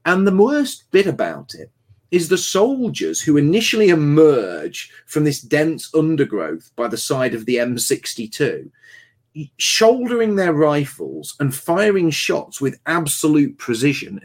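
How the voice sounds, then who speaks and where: A man hosting a casual film review chat, blunt and mocking, talking in animated bursts. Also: a little high, measured pace. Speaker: host.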